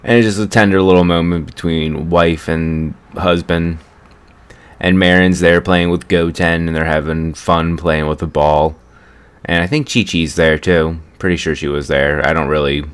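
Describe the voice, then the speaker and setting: Deep-voiced man recapping an episode casually. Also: clean tone. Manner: rambling, chatty retelling with self-corrections. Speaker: anime reviewer.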